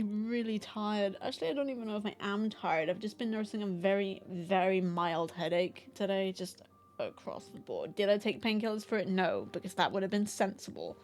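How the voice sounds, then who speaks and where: A woman's voice: medium pitch, animated, moderate pace, a little mellow, soft background music. A woman chatting casually to her live stream audience, rambling and self-deprecating, laughing often.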